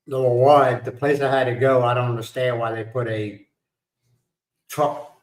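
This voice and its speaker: A man's voice: mid-range voice, fairly even intonation, moderate pace, reverberant, rough recording. A middle-aged man hosting a livestream, telling stories in casual chat and laughing at his own punchlines. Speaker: livestream host.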